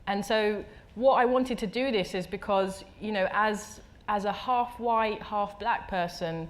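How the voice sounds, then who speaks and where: A woman's voice: mid-range voice, unhurried. A woman, an artist guest who tells stories at a live talk, reflective, restarting her words and acting out the voices she quotes. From England. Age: 30s. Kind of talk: conversational storytelling at a live talk. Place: stage at a live talk venue.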